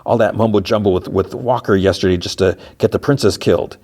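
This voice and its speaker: A man's voice: fairly low pitch, a little fast, darkish tone, natural voice. Man doing a stressed male team leader in a casual recap, urgent and raised. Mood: urgent, exasperated. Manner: urgent, exasperated. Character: tense male commando leader under pressure.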